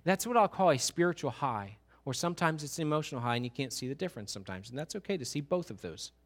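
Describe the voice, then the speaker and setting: A middle-aged man preaching a sermon, animated and acting out little voices of churchgoers to make his points. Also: on the high side, fast talker. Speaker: pastor.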